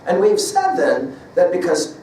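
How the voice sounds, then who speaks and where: A man giving a recorded lecture, measured and emphatic, reading quoted passages aloud and stressing key words. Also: high voice, huge pitch swings, dark tone, slight background noise. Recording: echoey room from a distance, faint ambience.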